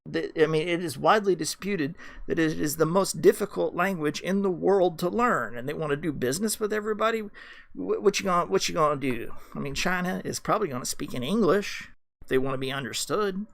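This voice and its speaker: A man's voice: a little high, fairly quick, creaky, a bit bright. A man hosting a podcast, ranting in a rambling monologue full of swearing and restarts. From United States. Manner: ranting, heavy swearing, many fillers and restarts. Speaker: podcast host.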